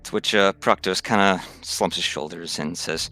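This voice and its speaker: A man narrating as game master of a tabletop game, halting and full of restarts. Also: low voice, sharp tone. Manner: halting, many fillers and restarts.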